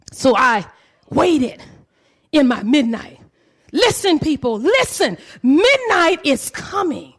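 High, fervent woman preacher crying out. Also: sing-song. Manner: impassioned, swinging from low murmurs to shouted cries; drawn-out, rhythmic phrasing with repetitions. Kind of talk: sermon.

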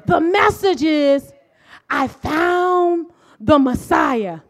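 Impassioned high-voiced woman preacher. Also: lively intonation, very slow. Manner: impassioned, swings from hushed to shouting. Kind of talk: sermon.

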